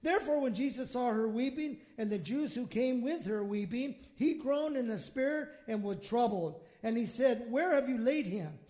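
A man preaching a sermon with a very high-pitched voice. He swings from quiet, drawn-out scripture reading to loud, fervent exclamations, and he acts out prayers as he goes. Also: lively intonation. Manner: impassioned preaching, swings from hushed to shouting; acts out quoted prayers in his own voice. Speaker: pastor.

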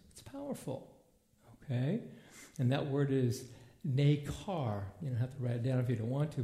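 A man teaching a Bible lesson in a church hall in a loose, lively way, acting out scenes in different voices. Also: fairly high pitch. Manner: animated, acts out movie scenes in voices. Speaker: preacher. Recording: echoey room.

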